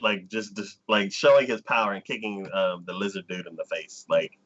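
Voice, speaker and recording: A man's voice: low-pitched, fairly even intonation, moderate pace, fairly bright tone. A man co-hosting a casual livestream chat, hesitant and full of fillers. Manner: hesitant, with many fillers, laughs often. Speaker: co-host. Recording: dull lo-fi stream sound.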